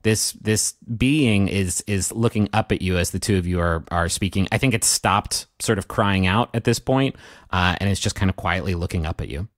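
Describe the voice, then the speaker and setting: Low-pitched man running a tabletop game, hesitant narration, dry close sound. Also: moderate pace, no echo. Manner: rambling, full of fillers and restarts. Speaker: game master.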